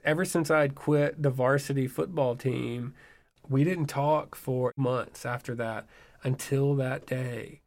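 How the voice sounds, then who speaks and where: A man's voice: mid-range voice, steady tone, slow pace, darkish tone. A man in his thirties telling a personal story in a wry, self-mocking, conversational way. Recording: music heard behind the voice. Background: music.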